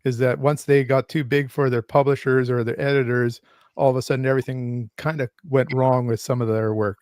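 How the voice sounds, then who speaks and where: A man's voice: mid-range voice, flat delivery, a little fast, a little mellow, no echo, studio quality. A man in casual chat about books, talking through ideas in a thoughtful, explaining way. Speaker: podcast co-host.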